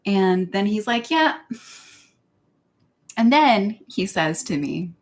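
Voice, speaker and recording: A woman's voice: medium pitch, a little slow. A woman vlogger talking in a casual, meandering way, giggling often between phrases. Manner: meandering, with many fillers and restarts. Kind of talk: casual rambling monologue.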